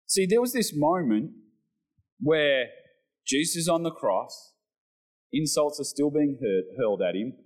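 Male pastor mid-sermon, a touch high and very expressive in pitch, acting out the quotes he reads. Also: unhurried, long pauses, low-quality recording. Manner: animated preaching with acted-out quotes.

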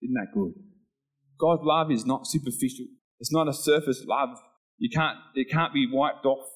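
A middle-aged man preaches an informal sermon in a conversational tone. He tells everyday stories and acts out short scenes, shifting his voice into sudden playful highs and lows. His pitch sits in an ordinary middle range between these turns. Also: moderate pace, breathy edge, rough recording. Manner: chatty, acts out little scenes with voice changes.

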